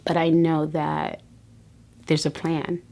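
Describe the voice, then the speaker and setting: A woman's voice: deep voice, flat delivery, slow, gravelly, warm tone. A woman in her thirties talking to camera in a personal vlog, giving earnest, faith-filled encouragement with frequent restarts. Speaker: vlogger.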